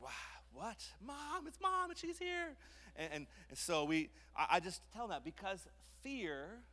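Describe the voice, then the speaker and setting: A man in his thirties from Canada, preaching a sermon and telling lively stories, acting out his own voice and others' in quotes. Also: a little high. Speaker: pastor. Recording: long reverb of a large hall.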